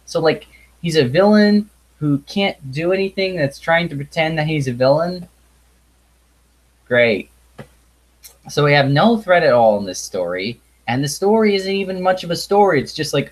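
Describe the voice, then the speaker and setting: A man's voice: on the high side, animated, poor audio. A man talks straight to the camera in an exasperated, blunt rant. He sighs often, swears freely and trips over restarts as he repeats himself. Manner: halting restarts and repetition. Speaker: video reviewer. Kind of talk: ranting review monologue.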